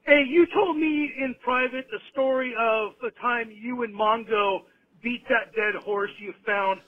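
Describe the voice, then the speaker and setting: A man's voice: extremely high pitch, fairly even intonation, a little slow. A man from California calling into a radio show, friendly and upbeat. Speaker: caller. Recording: tinny phone line.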